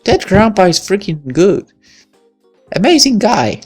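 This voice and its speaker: A woman's voice: extremely low pitch, sing-song, normal speed, vocal fry, faint music behind. A woman gaming streamer making offhand, chatty asides while reading a visual novel.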